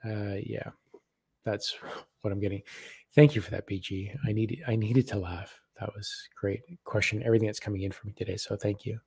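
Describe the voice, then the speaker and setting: A man giving live spiritual readings on a stream, talking gently and haltingly and repeating words as messages come to him. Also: lowish voice, fairly even intonation, creaky, slightly rough, dry recording.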